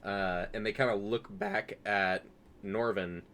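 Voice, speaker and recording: A man's voice: lowish voice, fairly even intonation, a little slow, a bit bright, slight background noise. A man running a tabletop game as game master, narrating loosely with lots of fillers.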